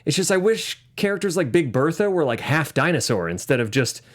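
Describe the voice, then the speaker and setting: A man's voice: fairly high pitch, a little fast. A man in his thirties co-hosting a casual movie podcast, laughing often and slipping into joke voices. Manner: lively, laughs often, slips into mock voices. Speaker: podcast co-host.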